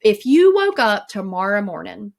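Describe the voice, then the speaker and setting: A woman's voice: medium pitch, very animated, moderate pace, creaky. A woman coaching in a casual motivational talk, chatty and conversational, laughing at herself as she goes. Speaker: life coach.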